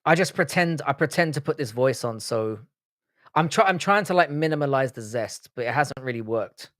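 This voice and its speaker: A young man chatting loosely with his live-stream viewers, cursing freely and tripping over his restarts. His voice sits at an ordinary middle pitch and sounds close and dry, with no room sound. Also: animated, normal speed, a bit bright, no room sound. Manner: swearing, bantering, rambling with restarts. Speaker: livestream host. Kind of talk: casual live-stream chat, reacting to comments.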